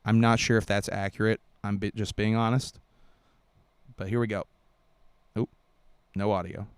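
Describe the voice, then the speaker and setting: A man hosting a podcast, calmly commenting on video clips and thinking aloud with some fillers. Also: on the low side, normal speed, clear, resonant tone, no echo. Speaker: podcast host.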